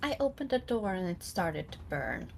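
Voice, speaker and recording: A woman's voice: on the low side, sing-song, moderate pace, creaky, slight background noise. A woman playing a tabletop role-playing game, answering other players in character with a playful, defensive edge.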